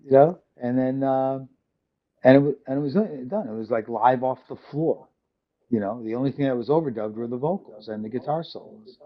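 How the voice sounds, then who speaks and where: A man's voice: mid-range voice, fairly quick. An older man from New York City with a New York accent, telling his story as a guest in a casual interview, rambling with lots of fillers and acting out quoted people. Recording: muffled lo-fi audio.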